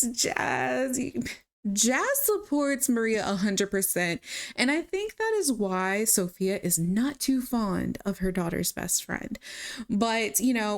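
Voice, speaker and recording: A young woman casually narrating her life-sim gameplay, chatty and quick to laugh. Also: fairly high pitch. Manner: chatty, animated, laughs often. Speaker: gaming content creator.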